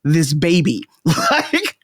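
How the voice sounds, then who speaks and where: This woman co-hosts a laid-back chat podcast and spins a lively story full of laughter and performed quotations. She speaks slowly in a low register, with no room sound and a clean studio quality.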